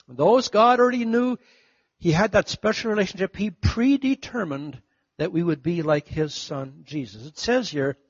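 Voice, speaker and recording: A middle-aged man preaching a sermon, telling stories and acting out the voices of the people in them, swinging from loud to hushed. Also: high voice, slightly rough, no room sound, muffled recording. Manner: storytelling, acts out quoted voices, big swings from loud to hushed. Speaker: pastor.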